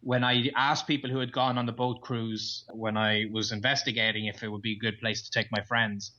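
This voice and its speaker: A man's voice: on the low side, level tone, brisk, pushed and bright. An Irish man chatting enthusiastically as a podcast guest, telling stories from his travels. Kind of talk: casual interview chat. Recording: dull lo-fi sound.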